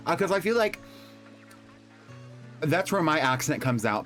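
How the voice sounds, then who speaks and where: A man's voice: fairly high pitch, big pitch swings, normal speed, pauses often, a bit bright. A man chatting casually with his viewers on a live stream, rambling and playful while he builds. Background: background music.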